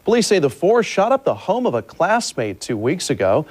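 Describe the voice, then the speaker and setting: A male news anchor reading scripted news stories in a steady, measured way. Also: fairly high pitch, husky.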